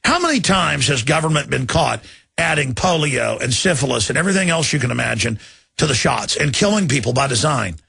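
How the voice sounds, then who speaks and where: A male radio host pours out fervent, impassioned commentary that swells toward shouting. His voice is gravelly and husky at a middle pitch. The sound is dry and close to the mic. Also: very animated, brisk, dry recording. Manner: fervent, building to shouted outrage. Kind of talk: ranting political commentary.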